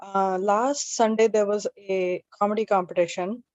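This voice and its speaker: A woman's voice: mid-range voice, fairly even intonation, moderate pace, a little mellow, no echo, low-quality recording. Chatty woman emcee. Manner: chatty, self-deprecating storytelling. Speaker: open mic emcee and comedian. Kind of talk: stand-up comedy at an open mic.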